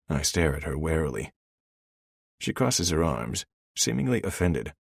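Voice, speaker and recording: Deep, gravelly male narrator. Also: moderate pace, dry recording, clean studio sound. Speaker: audiobook narrator. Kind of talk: first-person romance narration.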